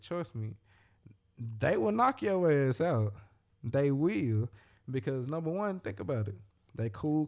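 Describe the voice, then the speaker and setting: A young man talks loosely and slangily in casual chat, circling back on his own phrases as he tells a story. His voice is mellow and relaxed, pitched in an ordinary middle range.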